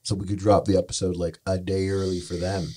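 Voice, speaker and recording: A man's voice: sits low, flat delivery, quick pace, mellow. A young man co-hosting a podcast, chatting loosely, swearing and acting out what others said. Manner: rambling, swears, acts out quotes of others. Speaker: podcast co-host. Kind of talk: casual chat.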